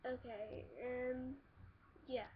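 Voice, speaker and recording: Woman, high voice, casual vlog chat, rambling, swearing, restarts, slightly muffled sound. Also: little pitch movement, drawn-out words, a little hiss or hum. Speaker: vlogger. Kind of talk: casual chat answering viewer questions.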